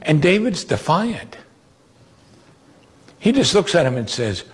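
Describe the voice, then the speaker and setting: A man preaching a sermon, retelling Bible stories with animated quoted voices. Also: a little high, slow, pauses often, slightly rough.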